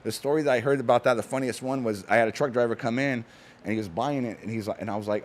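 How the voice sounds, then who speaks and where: A man on a talk show, telling stories in a fast, animated, casual way with frequent restarts. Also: medium pitch, a little hiss or hum. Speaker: guest, cannabis company founder. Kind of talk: casual chat.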